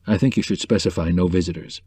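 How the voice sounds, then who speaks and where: A man voicing a calm, kindly middle-aged male newspaperman who speaks in a reassuring way. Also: low voice, quick pace, breathy edge, no echo, voice pushed down. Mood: concerned.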